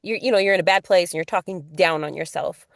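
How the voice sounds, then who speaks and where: Female podcast host, lowish pitch, loose chatty delivery, dry close sound. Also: fast, no echo. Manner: chatty, full of fillers like "you know". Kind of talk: casual chat.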